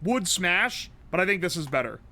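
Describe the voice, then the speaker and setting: A man streaming live, commenting on a game with blunt, profane, quick reactions. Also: high voice, sing-song, sharp tone.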